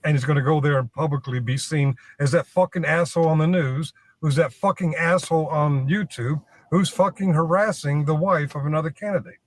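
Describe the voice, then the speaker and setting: Higher-voiced man ranting argumentatively. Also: fairly quick, few pauses, poor audio. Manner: preachy, argumentative, swearing. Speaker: streamer. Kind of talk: ranting to the camera.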